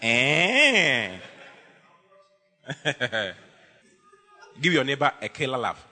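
A man preaching a lively, humorous sermon as pastor, teasing his congregation with bursts of shouting. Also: high voice, moderate pace, in a large hall.

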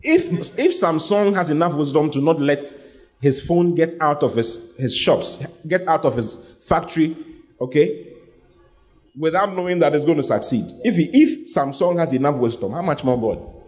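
Man, pastor, sermon, emphatic, repetitive, a bit higher voice. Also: animated, moderate pace, darkish tone. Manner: emphatic, repeats lines, has congregation repeat after him.

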